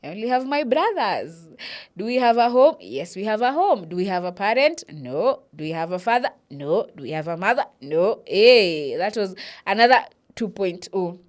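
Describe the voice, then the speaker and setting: A woman's voice: mid-range voice, moderate pace. A young Kenyan woman with a Kenyan accent, telling a personal story and switching between English and Swahili. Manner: animated, mixes English with Swahili, acts out quotes. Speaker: vlogger.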